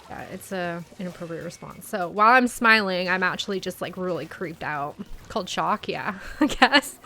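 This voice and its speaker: Soft music plays behind a young woman streamer whose voice is on the low side yet pushed and bright. Animated and at a moderate pace, she chats through a story on her live stream, dropping "like" constantly.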